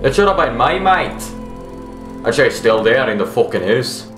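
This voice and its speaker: Man doing a heartbroken, swearing Aussie widower for a game dub, higher and louder than his own voice. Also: very animated, moderate pace, echoey room, over music, lightly acted. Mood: grieving. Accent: put-on Australian. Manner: swearing, despairing, calls everyone mate. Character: grieving foul-mouthed widower man, Australian.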